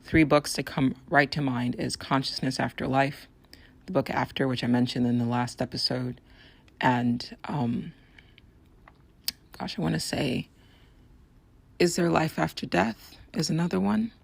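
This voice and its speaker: Hoarse, gravelly woman podcaster. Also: a bass voice, a little slow, pauses often. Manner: earnest, explaining and persuading. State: raspy, hoarse voice. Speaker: podcast host. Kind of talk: solo podcast monologue.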